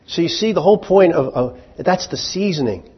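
A man's voice: fairly high pitch, expressive, husky, in a large hall. A male pastor preaching a sermon in a conversational way, asking his congregation questions and acting out bits of dialogue. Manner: acts out short dialogue in quick voices. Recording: muffled lo-fi recording.

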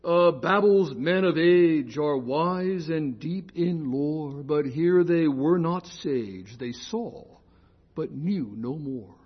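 An older man with a slightly high, husky voice gives an informal lecture, wandering into asides and correcting himself mid-sentence. He slows right down to explain key terms. The recording is muffled and lo-fi. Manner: chatty, digressive, with restarts and self-corrections. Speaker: lecturer on scripture.

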